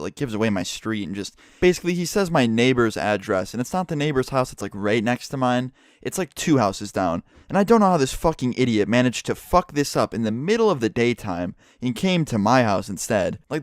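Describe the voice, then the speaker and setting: Young man, rapid-fire storytime vlog, profane and animated, dry close sound. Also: mid-range voice, no echo. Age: young adult. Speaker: YouTuber telling a story.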